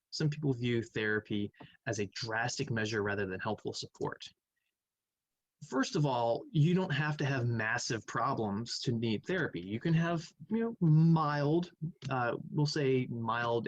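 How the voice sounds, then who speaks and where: A male math teacher works through quiz questions in a casual, thinking-aloud way, humming idly between them. His voice sits at an ordinary middle pitch. The recording is close and dry. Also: no room sound, low-quality recording. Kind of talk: recorded classroom lecture, reviewing quiz answers.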